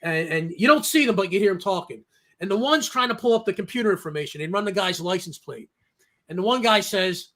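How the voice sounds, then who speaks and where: A man with a notably high voice hosts a casual talk discussion. He talks emphatically, drives each point home with a quick "okay?", and acts out the voices of people in his stories. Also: expressive, pushed and bright. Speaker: host.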